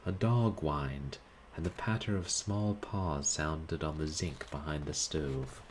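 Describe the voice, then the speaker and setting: Deep, slow-reading man narrating a story. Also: a little hiss or hum, poor audio. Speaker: reader of a short story. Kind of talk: audiobook-style story reading.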